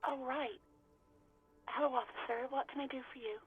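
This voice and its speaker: A weary, guarded game character over a tinny phone line, husky, a bit high. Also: female voice, fairly even intonation, moderate pace, soft background music. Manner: guarded, reluctant answers. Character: weary young woman on a phone call. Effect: telephone filter. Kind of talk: video game voice acting.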